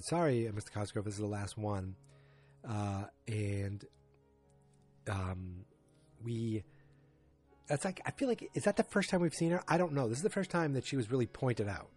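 A man with a husky voice talks through a TV episode in a loose, rambling way, often circling back and restarting his sentences. His casual recap sits over faint background music. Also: on the low side, darkish tone. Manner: rambling, thinking aloud with many restarts.

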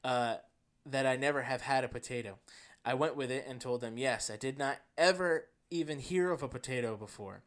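Deadpan man with a New Jersey accent. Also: medium pitch, normal speed. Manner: deadpan storytelling with bursts of laughter. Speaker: podcast co-host. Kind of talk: casual chat, reading a story aloud.

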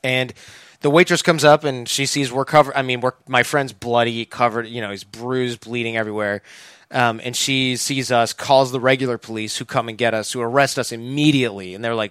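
A man's voice: medium pitch, steady tone, a little fast, fairly bright tone, clean tone, dry recording. A man from Michigan telling a story in a casual podcast chat, acting out the voices of the people he quotes.

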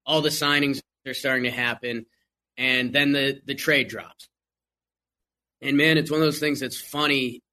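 Bright, animated male sports-podcast guest. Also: mid-range voice. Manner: animated, quick restarts. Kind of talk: casual sports chat.

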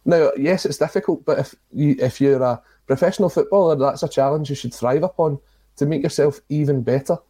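Mellow-voiced Scottish man arguing a point. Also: on the high side, brisk, breathy edge. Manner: forthright, argumentative. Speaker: podcast panellist. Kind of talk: casual discussion.

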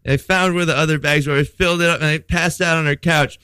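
A man telling a comic story in casual talk, excitable, swearing freely and acting out what people said. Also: on the high side, fast, clean tone, no echo. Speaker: podcast guest telling a story.

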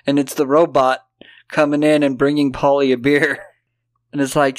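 A man's voice: mid-range voice, fairly even intonation, normal speed, no echo. A man co-hosting a podcast, recapping movie scenes with profane jokes and silly voices. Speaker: podcast co-host. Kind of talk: casual movie chat.

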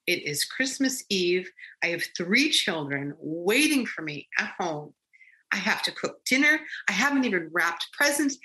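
A woman guest recounting a personal experience in conversation, animated and rambling with frequent restarts. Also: lowish voice, low-quality recording.

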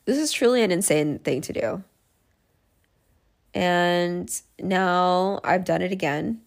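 A woman's voice: on the low side, slow, gravelly. A woman hosting a solo podcast, talking frankly and mocking herself as she thinks things through aloud. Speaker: podcast host. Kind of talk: candid solo podcast monologue.

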